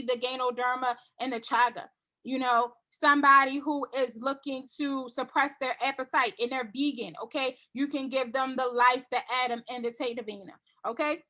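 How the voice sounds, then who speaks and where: A woman's voice: high voice, sharp tone. A woman giving a casual sales training talk to her team, confident and repetitive, acting out customer conversations.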